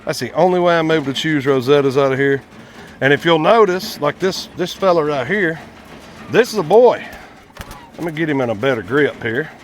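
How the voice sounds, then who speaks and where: A man's voice: fairly high pitch, lively intonation, moderate pace, slight background noise. A man, chatting casually to viewers in a vlog while working outdoors at his quail pens, folksy and talkative. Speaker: quail farmer and channel host.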